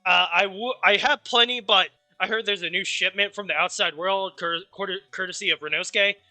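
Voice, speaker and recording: A man's voice: high voice, fairly even intonation, normal speed, pushed and bright, faint music behind. A man voicing a possessive, reclusive young witch who talks in a petulant, offhand way.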